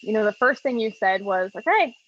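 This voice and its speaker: A woman telling a personal story in an interview, earnest and open, stumbling and restarting often, and lively when she quotes her past thoughts. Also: mid-range voice, a little fast, slight background noise. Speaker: coaching client giving a testimonial. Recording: dull, lo-fi sound.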